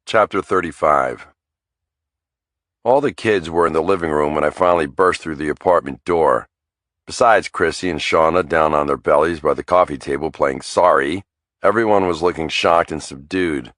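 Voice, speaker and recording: Male first-person audiobook narrator, deep voice, wry and dramatic, dry studio sound. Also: moderate pace, a bit bright, dry recording.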